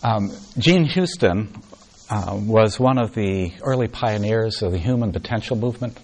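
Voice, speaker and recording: A meditation teacher giving an evening talk on retreat. His voice sits on the low side, and he tells his story softly and without rush. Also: lively intonation, normal speed.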